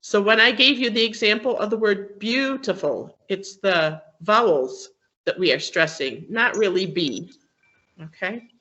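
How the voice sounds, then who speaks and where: A woman's voice: mid-range voice, measured pace, bright, forceful tone, highs cut off. A woman teaching an English class, explaining patiently with many fillers and frequent checks for understanding. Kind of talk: classroom lesson on word stress.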